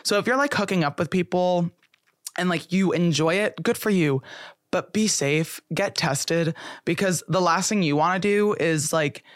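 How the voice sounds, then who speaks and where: A man's voice: high voice, normal speed, no room sound, studio quality. A young man hosting a podcast, chatting candidly and casually, with lots of "like" fillers. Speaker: podcast host. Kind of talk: casual chat.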